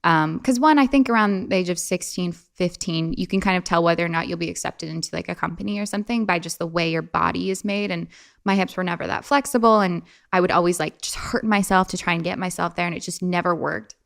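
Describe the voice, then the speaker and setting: A young woman talking casually as an interview guest, animated and chatty, often putting on a playful high voice when quoting. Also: fast talker, vocal fry.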